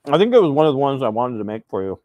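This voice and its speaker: A man casually chatting while hosting a live breakfast cooking stream, rambling and relaxed with plenty of fillers. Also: mid-range voice, racing, dry recording, muffled recording. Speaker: host.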